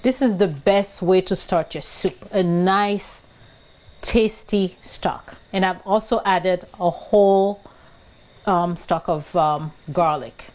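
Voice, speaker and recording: A woman's voice: on the low side, slow pace, darkish tone, highs cut off. A woman hosting a casual cooking demonstration in her home kitchen, chatting through each step and slipping into French now and then. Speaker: cooking show host.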